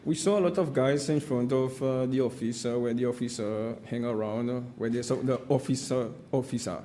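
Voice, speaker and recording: A Seychellois man whose first language is Seychellois Creole testifies in English at a public hearing, his voice dark, warm, medium-pitched and steady, with slight background noise. He speaks haltingly with many "uh" fillers and keeps insisting on his point with a repeated "my friend."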